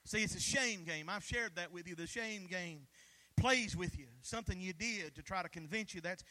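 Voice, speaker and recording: A man preaching a sermon as pastor, with fervent call-and-response that rises to shouts at its peaks. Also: high voice, moderate pace.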